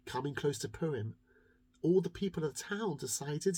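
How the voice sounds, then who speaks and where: Children's storyteller, very lively swooping delivery, drawn-out words. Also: medium pitch, slightly rough. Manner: lively, expressive, draws words out for effect. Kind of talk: animated children's story telling.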